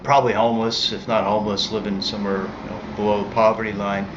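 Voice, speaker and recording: A man's voice: fairly low pitch, level tone, quick pace, background noise. Rambling man telling a story. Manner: rambling, self-correcting, conversational. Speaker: street musician telling a story. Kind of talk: casual storytelling monologue. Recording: dull lo-fi recording.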